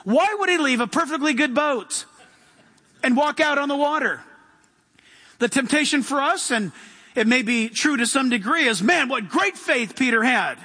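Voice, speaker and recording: A man's voice: very high-pitched, animated, moderate pace, bright, forceful tone. A man preaching an impassioned sermon in a church, reading scripture and asking the congregation questions. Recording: long hall reverb.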